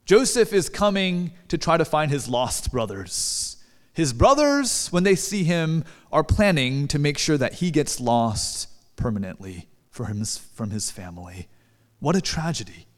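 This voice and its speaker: This pastor's voice is fairly high and sing-song, and he moves at a measured pace. He delivers a conversational sermon in a church sanctuary, posing questions to the congregation, with long reverb filling the hall.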